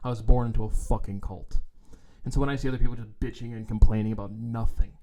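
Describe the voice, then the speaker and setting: A man ranting into his own microphone on a vlog, with a mellow, darker tone at a middling pitch. He is blunt, profane and sarcastic, and he slips into mocking put-on voices to ridicule others. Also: fairly even intonation, quick pace. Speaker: trading vlogger. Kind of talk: ranting casual monologue. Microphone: own microphone, adjusted while talking.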